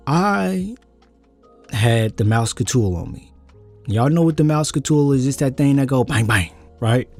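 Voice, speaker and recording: Man telling a heated story, dark tone. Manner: animated, voice jumps high when angry. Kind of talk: casual storytime.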